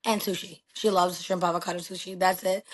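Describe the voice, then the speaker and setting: A middle-aged woman of Pakistani heritage in a casual podcast chat, talking in an animated, emphatic way and swearing freely. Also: fairly low pitch, brisk. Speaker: podcast guest.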